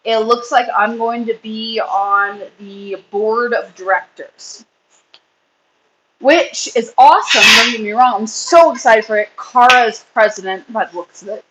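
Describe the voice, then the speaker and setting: A woman's voice: on the high side, measured pace, background noise. A woman in her thirties hosting a casual livestream chat, rambling and reading comments while feeding her kids. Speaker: livestream host and rabbit breeder.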